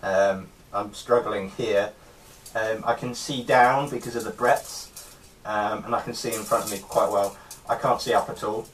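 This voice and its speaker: A man with a fairly low voice talks through his collection in a relaxed show-and-tell way. He hesitates often, filling gaps with ums and starting phrases over. The mic sits a little away from him, with a faint hiss of noise underneath. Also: a little slow, distant mic. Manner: hesitant, many ums and restarts. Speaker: artist showing his helmet collection. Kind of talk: casual show-and-tell vlog.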